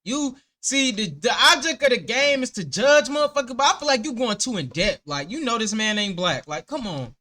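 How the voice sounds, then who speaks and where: A young man reacting to a video with a bright, cutting tone and a lively, swooping delivery. He talks back at the screen, profane and exasperated, his voice jumping up and down as he rants. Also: extremely high pitch, fairly quick, few pauses. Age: young adult. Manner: profane, exasperated running commentary. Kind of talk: casual reaction commentary.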